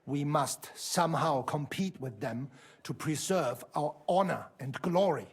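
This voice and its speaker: An actor playing a proud, pompous middle-aged German fencing master with a German accent, in a game. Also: male voice, a little high, a little slow, husky. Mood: indignant. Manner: pompous, indignant about his honor.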